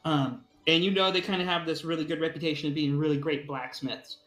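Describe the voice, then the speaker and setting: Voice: medium pitch, fairly even intonation, fast talker, a bit bright. A game master narrating a tabletop game in a loose, rambling way, full of fillers and asides. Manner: rambling, with frequent fillers and laughs. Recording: echoey room with faint music.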